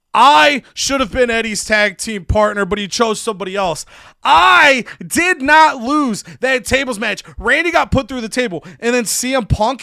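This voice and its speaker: A man's voice: very high voice, creaky, pushed and bright, no echo, pitched above the performer's own voice, exaggerated voice. A man voicing an angry young male wrestler cutting a heated promo about being robbed. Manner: heated, indignant ranting.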